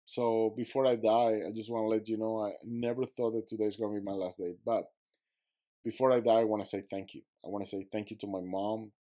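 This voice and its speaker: A man's voice: fairly low pitch, little pitch movement, a little fast, warm tone. A man who is a podcast guest, telling a vivid story and acting out his own quotes, in slightly broken English.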